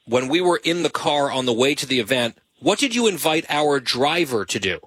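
A man's voice: mid-range voice, big pitch swings, moderate pace, fairly bright tone, husky, no room sound. A man hosting a talk show, teasing his producer with dry humor in casual banter.

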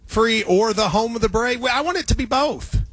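A man's voice: extremely high pitch, lively intonation. A man hosting a call-in radio show, joking and rambling through casual banter and taking callers. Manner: joking, rambling, quick interruptions.

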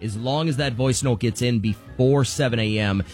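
A man's voice: medium pitch, moderate pace, a little mellow, faint music behind. A man co-hosting a morning radio show, chatting and reading contest promos in an upbeat way. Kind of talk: casual radio banter and promos.

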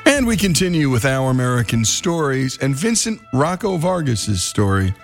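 A man hosting a radio show, narrating in a measured, reflective way. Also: medium pitch, big pitch swings, creaky. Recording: radio show with music underneath.

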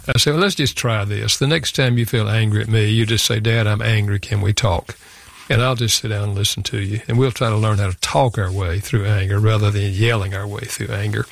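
Older male guest, gravelly and earnest, dry studio sound. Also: on the low side, steady tone, dry recording. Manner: earnest, halting, many restarts. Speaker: author and guest. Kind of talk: storytelling in a radio interview.

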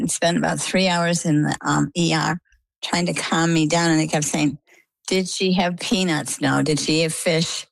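Low-voiced, gravelly woman telling her story. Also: no room sound, low-quality recording. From Maine, US. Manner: lively storyteller, acts out quoted dialogue. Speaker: interview guest.

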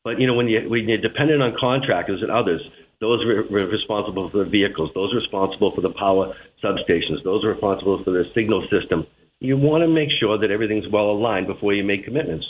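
Boston-accented male guest, lower voice, tinny phone line, measured and halting. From Boston, United States. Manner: measured, with verbal fillers and restarts. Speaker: transit general manager, phone guest. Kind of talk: radio interview.

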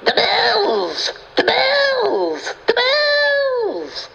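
A man putting on a chatty, gossiping female shopkeeper who mimics her customers in shrill voices. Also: extremely slow, vocal fry, muffled recording, heavily acted. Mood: gossipy. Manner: animated storytelling, shrill mimicking of others. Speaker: recurring comic character.

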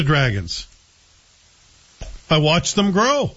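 A man co-hosting a show and chatting in an opinionated, animated way about TV series. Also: medium pitch, moderate pace, slightly rough. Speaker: show co-host reviewing TV. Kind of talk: casual chat. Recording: dull lo-fi sound.

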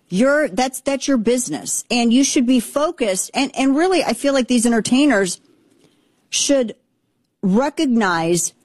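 A woman's voice: fairly high pitch, dry recording. Chatty, sarcastic woman host, dry sound. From Texas. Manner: chatty, rambling asides, sarcastic and blunt. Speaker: talk show host. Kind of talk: casual political commentary.

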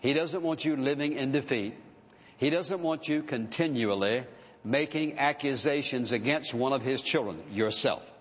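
A man's voice: mid-range voice, moderate pace, a bit bright. A male pastor preaching a sermon, earnest and emphatic, asking his listeners pointed rhetorical questions. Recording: dull, echoey hall sound.

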